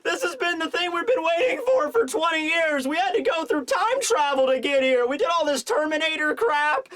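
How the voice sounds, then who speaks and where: A man voicing a frantic middle-aged samurai leader, calling out in a panic and pleading, close to shouting. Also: very high-pitched, sing-song, normal speed, a crowd in the background, voice pushed up. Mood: desperate.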